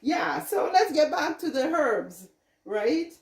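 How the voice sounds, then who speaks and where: A woman's voice: sits high, big pitch swings, slow pace, vocal fry. A middle-aged Jamaican woman vlogging from her home kitchen, chatting casually, rambling and laughing often. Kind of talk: casual chat. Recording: echoey room, mic at a distance.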